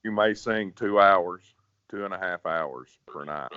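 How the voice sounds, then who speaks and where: A very low-pitched man talks through singing advice in a folksy, conversational way, repeating words as he goes. The sound is dry and a little dull. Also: unhurried, pushed and bright, clear, resonant tone, dry recording. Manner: folksy, repeats words, drops to a growl to demonstrate. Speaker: professional bass singer, guest. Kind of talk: casual interview, giving singing advice.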